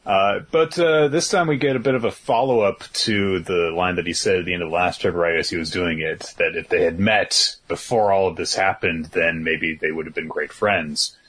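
A man with a very low, husky voice recaps comic chapters for a podcast. He keeps it laid-back and loose, with plenty of filler words and an easy chuckle. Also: normal speed, few pauses, fairly bright tone. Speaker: podcast co-host. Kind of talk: casual manga chapter discussion.

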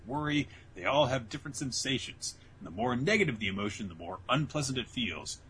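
A man with a bright, forward voice recaps manga for his co-host in casual chat. His pitch swoops widely as he tells the story, and he slips into giggles often. Faint noise hums under him. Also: brisk, few pauses, rough recording. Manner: giggly, animated storytelling with acted quotes. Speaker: podcast co-host.

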